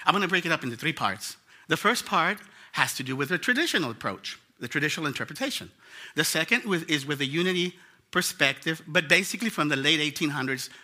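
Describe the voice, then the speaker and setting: A man's voice: on the high side, pushed and bright. An older man, president of a church board, giving a chatty, storytelling lesson to his congregation with rhetorical questions. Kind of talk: lay sermon to a congregation.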